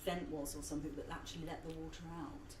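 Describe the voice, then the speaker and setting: A woman's voice: sits low, level tone, fast talker. A woman co-hosting a casual podcast, telling stories in a rambling way with many ums and restarts. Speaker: podcast co-host. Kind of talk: casual chat. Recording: echoey room, distant mic, background noise.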